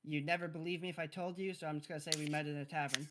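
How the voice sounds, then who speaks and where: A man's voice: a little high, fairly even intonation, rapid-fire, noisy background. A man speaking in character as a tabletop game player, casual and wry.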